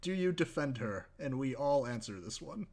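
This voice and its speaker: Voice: medium pitch, expressive, normal speed, crowd noise. A player running a tabletop role-playing game, laughing often between prompts. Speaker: game facilitator.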